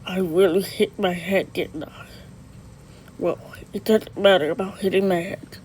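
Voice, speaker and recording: A performer voicing a slow, remorseful father. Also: mid-range voice, steady tone, darkish tone, a little hiss or hum, close to an everyday voice, low-quality recording. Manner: halting, earnest and pleading. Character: remorseful father apologizing to his son. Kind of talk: amateur dramatic dialogue.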